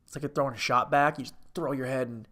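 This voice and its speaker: A man's voice: mid-range voice, fairly even intonation, fast talker, a bit bright. A man hosting a comedic movie review, rambling, interrupting himself and swearing casually. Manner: rambling and self-interrupting, profane. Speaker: host.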